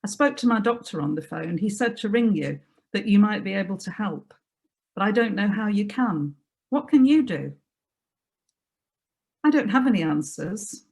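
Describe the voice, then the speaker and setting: A woman reading her own prose aloud in a measured, reflective manner. Her voice sits at an ordinary middle pitch and stays quiet and even. It comes through a video call. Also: creaky.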